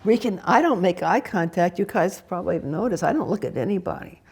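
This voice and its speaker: A woman's voice: on the low side, expressive, brisk, vocal fry, darkish tone, breathy edge. An older woman Zen teacher giving a candid, laughing, conversational dharma talk and answering questions. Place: meditation hall.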